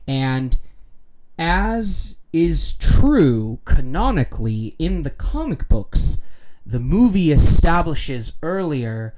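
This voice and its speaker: Mellow, rambling middle-aged man. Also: fairly high pitch, sing-song, slow. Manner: rambling, filler-heavy, chatty. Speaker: livestream host. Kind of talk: casual film recap.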